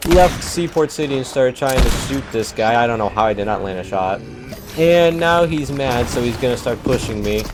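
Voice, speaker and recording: A man's voice: medium pitch, animated, normal speed, over music. A young man giving casual, self-mocking commentary over his own gameplay clips. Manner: laid-back, self-mocking, joking. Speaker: gaming YouTuber. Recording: loud gunfire and game sounds behind.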